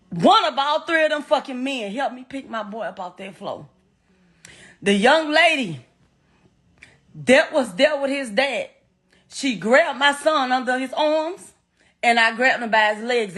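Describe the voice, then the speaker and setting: A middle-aged woman with a slightly high voice tells her own story as a mother. She speaks bluntly and haltingly, swears freely and restarts her sentences as she goes. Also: fairly bright tone. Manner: blunt, profane, halting retelling. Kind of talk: emotional first-person account.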